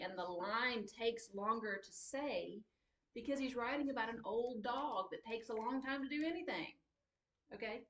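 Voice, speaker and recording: A woman's voice: mid-range voice, slight background noise. Lady teacher lecturing a class, kinda far off the mic, echoey classroom. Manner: lively, brisk, reads lines aloud and beats rhythm with syllables. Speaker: high school writing teacher.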